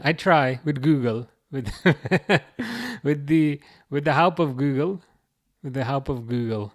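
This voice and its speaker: A man's voice: a little high, lively intonation. Chatty Birmingham man hosting a livestream. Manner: halting, restarts often, chuckles, reads comments aloud. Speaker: livestream host reading chat. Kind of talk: casual livestream chat.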